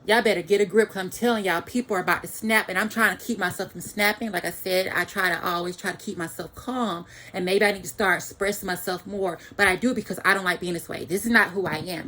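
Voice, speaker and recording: A woman's voice: medium pitch, fairly even intonation, fast talker, few pauses, bright, forceful tone, slight background noise. A woman giving an angry, profane ranting monologue to the camera, repeating phrases for emphasis.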